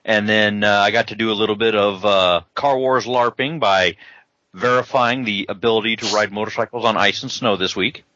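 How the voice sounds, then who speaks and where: A man's voice: fairly low pitch, fairly even intonation, moderate pace, pushed and bright, no echo. A man co-hosting a gaming podcast in casual chat, telling stories with wisecracks. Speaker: podcast co-host, soldier. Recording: dull, lo-fi podcast audio.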